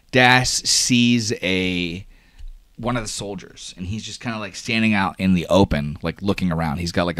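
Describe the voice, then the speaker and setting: A man's voice: deep voice, no room sound. A man narrating a tabletop game as game master, in a casual, rambling way with many fillers.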